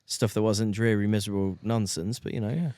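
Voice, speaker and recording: Wry man with smooth voice. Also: lowish voice, steady tone, a little fast, warm tone, dry recording, studio quality. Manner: wry, opinionated, jokey. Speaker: podcast co-host. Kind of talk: casual chat.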